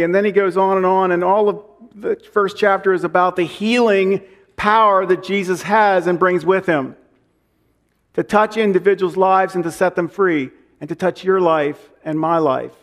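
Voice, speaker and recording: High-voiced male pastor preaching. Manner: slows and repeats lines for emphasis; reads scripture aloud. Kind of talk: sermon.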